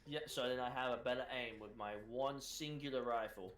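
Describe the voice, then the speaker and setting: A man's voice: mid-range voice, fairly quick, a bit bright, roomy sound. A man playing a tabletop game, describing what his character does. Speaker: player. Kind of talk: casual tabletop play.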